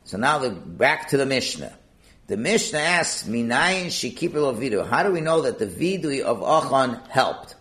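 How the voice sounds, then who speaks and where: A man's voice: medium pitch, fairly bright tone. A man leads a Talmud class, his voice swinging up and down as he works through the text. He fires off rhetorical questions and answers them himself, line by line. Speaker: Talmud teacher.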